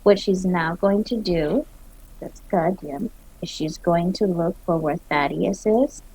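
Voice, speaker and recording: A woman's voice: lowish voice, unhurried, darkish tone, slightly rough, poor audio. A woman player in a tabletop game, talking eagerly about what her character does. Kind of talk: tabletop role-play chat.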